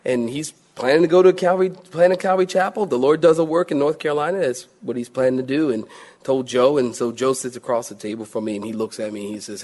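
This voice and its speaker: A middle-aged man from Philadelphia preaches a sermon. His voice sits a little high for a man. He tells stories and acts out little voiced exchanges as he goes. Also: fairly quick. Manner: storytelling with lively voiced asides and laughs. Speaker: pastor.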